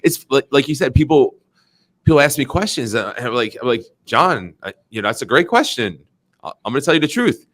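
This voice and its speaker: Animated man telling sales stories. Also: mid-range voice, fairly quick. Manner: animated, acts out quotes in a raised voice; frequent fillers and restarts. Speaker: podcast guest, insurance agent. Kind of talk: casual storytelling chat.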